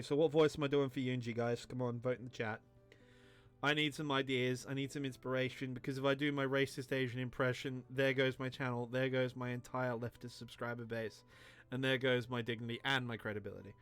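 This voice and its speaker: A man's voice: medium pitch, a bit bright, clean tone. A tipsy man streaming a game, rambling, self-mocking and crude as he talks to his chat. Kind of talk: drunken game commentary.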